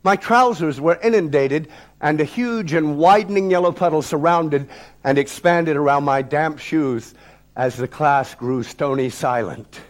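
A man's voice: fairly high pitch, measured pace. Dramatic man telling a stage story. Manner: dramatic, declamatory, sweeping shifts in loudness. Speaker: theatre director and solo performer. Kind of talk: theatrical storytelling performance. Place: talk-event stage.

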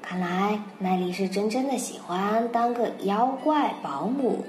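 An unhurried woman of medium pitch, a native Mandarin speaker, patiently tells a children's story while explaining English words and repeating phrases. It's a bilingual storytelling lesson recorded in a roomy space, faint music in the background.

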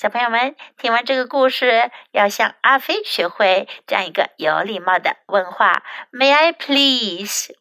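A woman whose first language is Chinese teaches children English in a bilingual lesson, slowly repeating each English phrase after its translation. Her voice is a little high with a sharp tone, and the recording is dry.

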